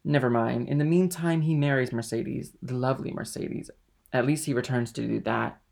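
A man's voice: mid-range voice, steady tone, brisk, creaky, darkish tone, close to an everyday voice. A man voicing a drunken, envious sailor who talks with boisterous, slurring tavern bluster. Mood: rowdy, drunk. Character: drunken envious middle-aged male sailor.

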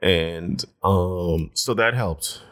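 A young man casually telling viewers a personal story, animated and swinging his voice up when acting out his own reactions. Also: deep voice, very slow.

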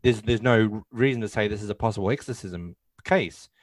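A man with a lowish voice talks through a film in relaxed conversation, retelling scenes with plenty of ums and false starts. The sound is dry and close, with no room around him. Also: brisk, dry recording. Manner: retells scenes, acting out lines, many fillers. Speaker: podcast co-host. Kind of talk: casual film discussion.

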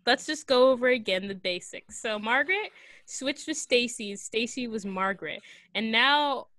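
A woman casually recapping a film plot in a chatty, rambling way, full of fillers and quick giggles. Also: a little high, lively intonation, bright, forceful tone, dry recording. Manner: rambling, giggly retelling with many fillers and acted quotes. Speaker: podcast co-host recapping a film. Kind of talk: casual chat.

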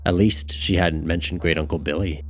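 Deep-voiced male audiobook narrator. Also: steady tone, normal speed, faint music behind. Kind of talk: scripted narration.

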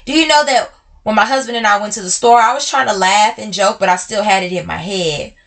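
A woman with a bright, forward voice talks straight to her podcast listeners. She is blunt and emotional and calls them y'all, slowing right down on the heavy parts and then rushing ahead. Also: medium pitch. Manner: swings between slow and quick speech. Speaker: podcast host. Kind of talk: personal talk to listeners.

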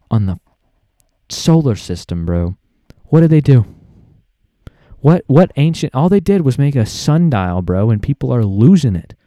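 A man's voice: lowish voice, warm tone, no room sound, clean studio sound. A young man, hosting a casual podcast and ranting in an exasperated, sarcastic way. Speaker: podcast host.

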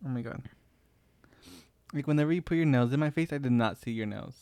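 A man's voice: mid-range voice, a little fast, darkish tone, clean tone, dry recording. A young man co-hosting a podcast, rambling and joking in casual chat, swearing freely. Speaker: podcast co-host.

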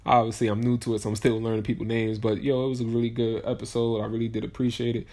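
A man's voice: mid-range voice, level tone, fast talker. A young man hosting a casual solo podcast, talking in a rambling, slangy way and sounding tired. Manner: rambling and slangy, with many restarts and shout-outs. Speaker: podcast host.

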